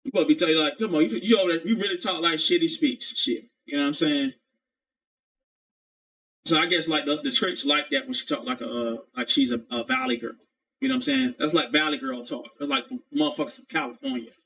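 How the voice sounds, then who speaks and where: A man's voice: medium pitch, fairly quick, bright, forceful tone. A man ranting casually on his stream in a rambling, profane way, repeatedly saying "you know what I'm saying.". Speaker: live streamer.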